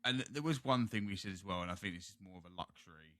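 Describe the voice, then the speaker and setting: A man's voice: low voice, very fast, a bit bright, no echo. A British man hosting a gaming podcast, chatting casually in a rambling, jokey way. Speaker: podcast host. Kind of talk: casual chat.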